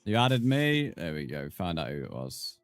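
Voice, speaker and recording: A British streamer chats casually with his viewers while gaming live, bantering and thanking followers. He has a deep bass voice with a sing-song lilt, normal pace, and a clean tone.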